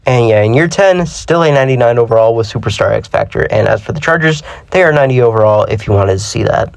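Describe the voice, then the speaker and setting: A man's voice: medium pitch, lively intonation, fast, vocal fry, no echo. A young man commentating a football simulation game, chatty and self-deprecating, often tripping over his words, a little under the weather. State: slightly sick. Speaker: gaming channel host. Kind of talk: casual sports-sim commentary.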